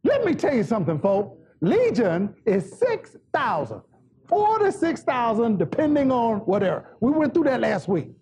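A male preacher giving a fervent sermon, shouting and joking with the congregation. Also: very high-pitched, huge pitch swings, normal speed, slight background noise.

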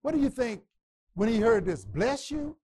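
A man teaching a Bible class, preaching with passion, stammering repetitions and bursts of shouting. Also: extremely high pitch, sing-song, normal speed, breathy edge.

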